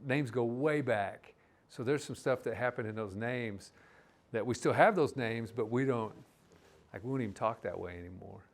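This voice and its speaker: A man with a medium-pitched voice, speaking at normal speed, teaches a live language class. He explains words in a relaxed, rambling way, restarting his sentences often.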